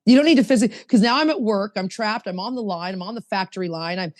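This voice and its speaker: A woman's voice: medium pitch, fast, darkish tone, long reverb tail. A woman hosting a recovery podcast, speaking emphatically and reading passages aloud from a book. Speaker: podcast host.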